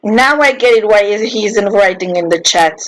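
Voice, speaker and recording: A woman's voice: mid-range voice, normal speed, no room sound, poor audio. A woman co-hosting a podcast over a voice call, giggly and exclaiming, whose first language is Czech. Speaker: podcast co-host. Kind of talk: casual chat over voice call.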